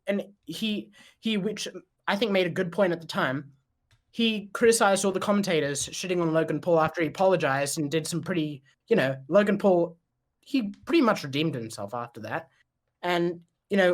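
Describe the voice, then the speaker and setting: Hesitant man in casual podcast chat. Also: sits high. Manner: hesitant, with repeated restarts and throat clearing. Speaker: podcast co-host.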